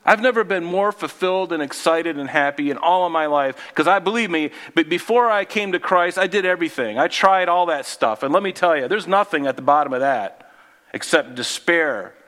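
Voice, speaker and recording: A male pastor preaching a sermon in a conversational way, asking the congregation questions and dropping low and quiet for emphasis. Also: a little fast.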